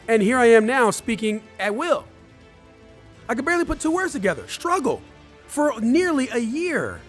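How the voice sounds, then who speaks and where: A man's voice: sits high, a bit bright. A man giving a live motivational talk, emphatic and repeating his key phrases as he speaks straight to viewers. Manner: addresses viewers directly.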